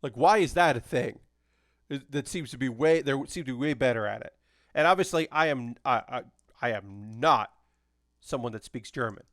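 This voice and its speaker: A man's voice: mid-range voice, moderate pace, a bit bright, no echo, clean studio sound. A man chatting casually on a live stream while assembling a model kit, rambling with lots of fillers and restarts.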